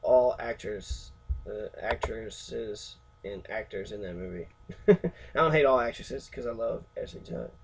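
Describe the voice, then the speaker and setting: A man giving rambling, profane movie commentary, halting and full of fillers, as the host of a reaction video. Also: on the low side, slight background noise, rough recording.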